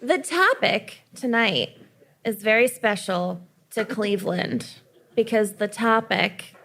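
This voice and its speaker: A woman's voice: medium pitch, animated, slow pace, fairly bright tone. A woman co-hosting a podcast live on stage, leading the segments with dry joking banter. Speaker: podcast co-host. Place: live venue stage before a dinner audience.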